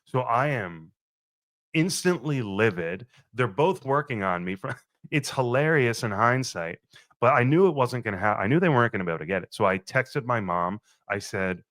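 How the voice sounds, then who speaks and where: A young adult man hosting his podcast, telling a profane, animated wedding story and acting out his own quoted lines. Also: mid-range voice, brisk, no room sound. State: a little thirsty, just woke up. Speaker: podcast host. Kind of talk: casual storytelling monologue.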